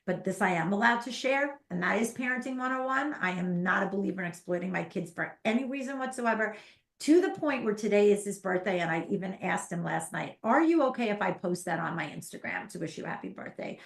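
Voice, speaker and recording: A woman's voice: medium pitch, fairly quick, gravelly. Emphatic woman coach in an echoey room. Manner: animated, emphatic, acts out parents and kids in quotes. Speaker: ADHD parenting coach, podcast guest. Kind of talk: casual interview chat.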